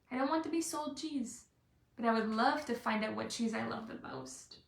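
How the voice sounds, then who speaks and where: A woman's voice: fairly high pitch, moderate pace, creaky, roomy sound. A young woman coaching viewers in a live video. She talks in a bubbly, playful way and acts out little scenes. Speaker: life and business coach. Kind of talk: motivational live video talk.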